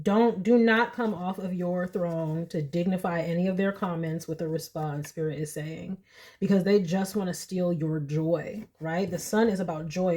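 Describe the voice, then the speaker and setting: A young woman giving a casual pick-a-card tarot reading, chatty and animated, often laughing. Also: lowish voice. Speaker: tarot reader.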